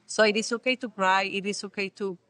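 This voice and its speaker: A woman's voice: medium pitch, fairly even intonation, brisk, fairly bright tone, no room sound. Reflective woman podcast host. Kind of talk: podcast interview.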